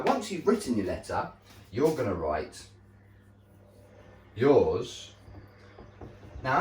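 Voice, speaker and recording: A male primary school teacher giving a slow, deliberate recorded lesson to young children, often checking in with "okay?". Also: on the low side, a little hiss or hum. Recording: echoey room, voice a bit far from mic.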